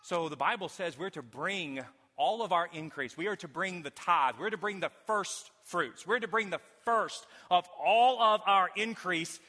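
A pastor preaching a sermon to his congregation, emphatic, swinging from loud declarations to hushed low lines. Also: moderate pace. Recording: long hall reverb.

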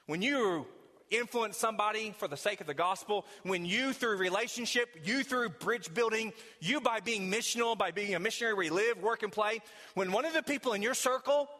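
A male pastor preaching a sermon with dramatic swings from loud emphasis to hushed intimacy. His voice is high and bright, and a long reverb from the church hall follows every phrase. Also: fairly quick.

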